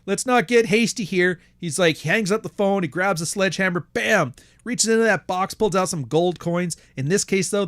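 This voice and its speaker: A man's voice: a little high, no echo. A man hosting a podcast, telling stories casually with a sardonic, profane manner and mocking put-on quotes. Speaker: podcast host. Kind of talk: casual monologue.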